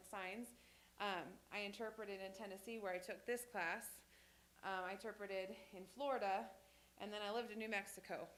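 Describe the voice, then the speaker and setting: A woman's voice: medium pitch, a bit bright. Rambling woman teaching a class. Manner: rambling, many fillers and restarts. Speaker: sign language teacher. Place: church classroom.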